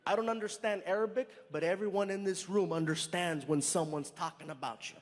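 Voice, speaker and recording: A male stand-up comedian with a notably high speaking voice tells an animated story live on stage. His stage mic catches the long reverb of the venue. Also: fairly quick. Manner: animated storytelling with acted-out dialogue.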